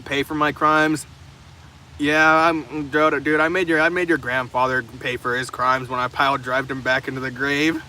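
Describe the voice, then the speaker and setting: This young man is streaming live from his car's open trunk in the rain, replying to viewers' comments casually with profanity and rambling, often tripping up and restarting sentences. His mid-range voice barely moves in pitch and sounds pushed and bright at a normal speed. Faint rain and passing traffic fill the background.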